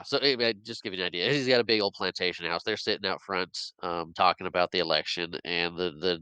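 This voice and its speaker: Bright, smooth-voiced man recapping a film. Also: low-pitched, no room sound, low-quality recording. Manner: rambling, giggly retelling with many restarts. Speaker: podcast co-host.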